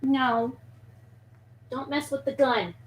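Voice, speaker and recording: A woman chatting casually on a live stream while hushing and soothing a restless pet snake, describing it with lots of "like.". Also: high voice, slow, breathy edge. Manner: hushes and soothes a pet snake in soft murmurs. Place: at home at her desk.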